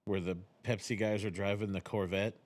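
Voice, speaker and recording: A man's voice: on the low side, little pitch movement, a little mellow. A man co-hosting a podcast, stammering and repeating words in casual chat. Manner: stammering restarts, quick to laugh. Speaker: podcast co-host.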